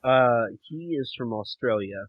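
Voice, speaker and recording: A man's voice: medium pitch, expressive, a little slow. A man hosting a podcast interview, speaking briefly and dryly with some hesitation. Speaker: podcast host. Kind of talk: casual interview chat. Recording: tinny phone-like line, dry.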